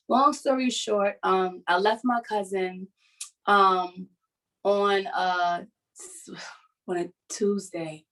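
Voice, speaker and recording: A woman speaks over a video call in a middle-pitched voice, earnest and halting as she shares something personal. She is a writer hosting a support session, and her telling is confessional and unhurried. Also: steady tone, a bit bright, poor audio.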